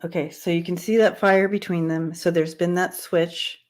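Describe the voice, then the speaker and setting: A woman's voice: on the low side, fairly even intonation, normal speed, a little mellow. A woman hosting a casual livestream reading who chats with viewers, laughs often and stumbles over long words she repeats to get right. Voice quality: dyslexia, repeats hard words. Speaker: livestream tarot reader.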